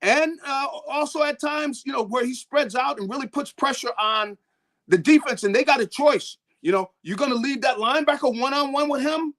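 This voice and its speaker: A man gives football analysis as a talk-show guest. He rambles, stumbling over repeated words and starting sentences over, and his voice sits on the high side. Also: normal speed, fairly bright tone. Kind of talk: sports talk interview.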